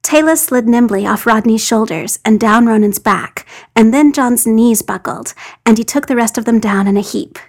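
Casting: woman reading fiction aloud, somewhat high, lively delivery. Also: normal speed. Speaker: podfic reader. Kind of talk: scripted narration.

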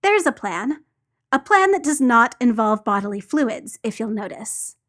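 A woman's voice: a little high, very animated, unhurried, a bit bright. A woman reading the part of a sardonic, tired male team leader. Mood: wry. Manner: dry, sardonic.

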